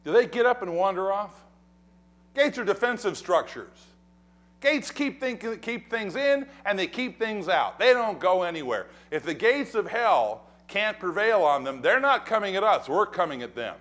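A man preaching a sermon, acting out Bible dialogue with lively energy and putting questions to the congregation. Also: high-pitched, moderate pace. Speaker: pastor.

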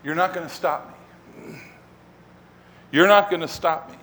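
A man's voice: high voice, huge pitch swings, moderate pace, fairly bright tone, exaggerated voice. A man preaching, voicing a stern male teacher who firmly refuses and rebukes. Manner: firm, stern.

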